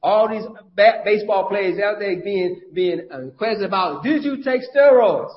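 High-voiced man preaching, lo-fi. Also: expressive, normal speed. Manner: conversational, folksy preaching with frequent restarts. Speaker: pastor. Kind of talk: sermon. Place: church. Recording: dull lo-fi church audio.

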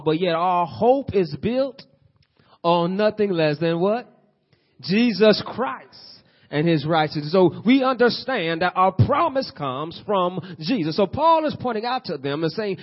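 A man preaching a sermon, building to loud bursts and asking the congregation questions. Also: fairly high pitch, muffled recording. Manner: preaching with rising bursts and call-and-response questions. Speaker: pastor.

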